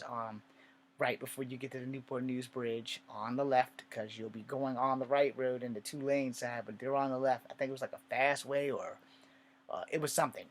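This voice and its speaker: A man telling a personal story in a casual, rambling way, swearing often and drifting into asides. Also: mid-range voice. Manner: rambling and profane, with many asides.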